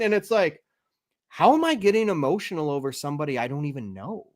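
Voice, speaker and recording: Brief: male podcast host, animated and profane, higher-pitched voice, casual chat. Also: quick pace. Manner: animated, swears freely, rises high when excited.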